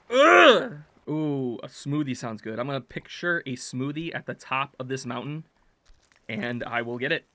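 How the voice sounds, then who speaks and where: A man with a high, very bright voice narrates his own gameplay. His pitch leaps all over as he drops from quiet, jokey mumbling into frustrated yells at the screen. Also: no room sound. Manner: yells at his climbing character, swings from mutters to shouts; jokey self-talk while playing. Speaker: gaming channel host. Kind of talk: let's play commentary.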